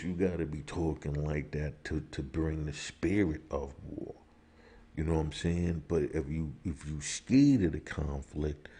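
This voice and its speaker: Deep gravelly man ranting. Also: mellow. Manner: emphatic, rhetorical questions; rises to heated outbursts. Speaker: commentator. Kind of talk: opinion monologue.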